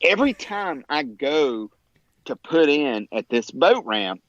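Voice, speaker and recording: Animated storytelling man, lo-fi sound. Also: takes it slowly, no room sound. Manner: animated, acts out quoted dialogue in a higher voice; laughs often, lots of fillers. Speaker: podcast guest. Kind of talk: casual storytelling chat.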